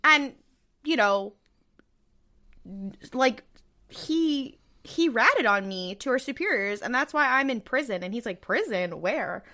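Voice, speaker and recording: Young woman podcast co-host, bright, slightly high voice, rambling chatty recap with frequent laughs. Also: animated, unhurried. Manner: rambling, laughs often, acts out quotes. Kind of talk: casual chat recapping a TV episode.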